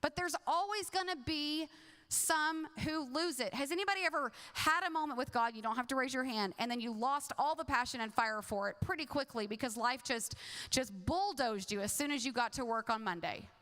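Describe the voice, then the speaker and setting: Bright high-voiced woman pastor in a hall. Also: brisk. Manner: conversational, humorous, acts out quotes. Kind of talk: sermon.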